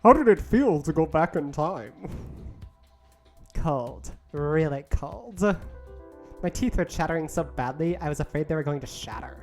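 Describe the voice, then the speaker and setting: Woman putting on a mock-deep interviewer. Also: animated, unhurried, a little mellow, faint music behind. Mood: mock-serious. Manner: mock-serious, put-on gravity. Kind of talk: reading a game's lines aloud.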